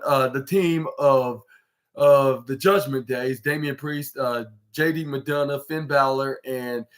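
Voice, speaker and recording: A man with a bright, slightly high voice talks through a wrestling show recap. He rambles, fills every pause with "like" and restarts his sentences, and slips into quoting the wrestlers as he goes. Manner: rambling, heavy use of "like" and restarts, acts out quotes. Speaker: podcast host.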